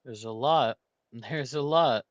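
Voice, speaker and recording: A man's voice: mid-range voice, slow, no echo, muffled recording. A man hosting a gaming video, thinking aloud and muttering guesses as he works through a word puzzle. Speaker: gaming channel host. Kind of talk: casual puzzle-solving commentary.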